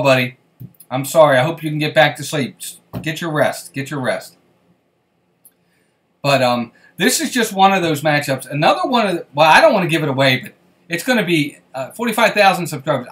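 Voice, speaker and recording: A man's voice: fairly high pitch, fairly bright tone. Chatty man hosting a live stream. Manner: chatty, greets viewers by name as he reads the live chat; friendly, reassuring tone with viewers. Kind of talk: casual live-stream chat.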